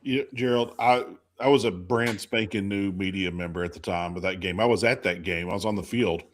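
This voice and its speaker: A man hosting a casual chat, telling a lively story and acting out quotes. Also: low voice, a little fast. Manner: animated storyteller, acts out quotes. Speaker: podcast host.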